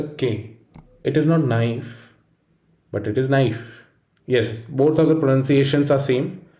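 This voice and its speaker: A man reads out a pronunciation lesson, steady and explanatory. His voice is mellow and dark. The room around him is echoey. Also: mid-range voice. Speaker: pronunciation teacher. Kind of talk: scripted instructional narration.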